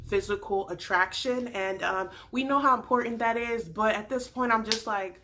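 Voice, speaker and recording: A woman giving a casual, animated TV recap as a vlogger, slangy and quick to laugh. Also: on the high side, noisy background.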